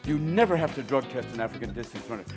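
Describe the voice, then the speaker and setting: A man doing stand-up comedy, switching rapidly between voices and shouting punchlines before a live audience. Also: mid-range voice, expressive. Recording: live stage mic with music and crowd laughter.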